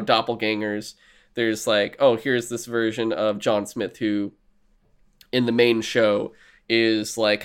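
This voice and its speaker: A man's voice: fairly low pitch, a bit bright, smooth. A man co-hosting a casual chat about TV shows, rambling and swearing, acting out his own reactions. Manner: rambling, profane, acts out reactions in quoted voices. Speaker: podcast co-host.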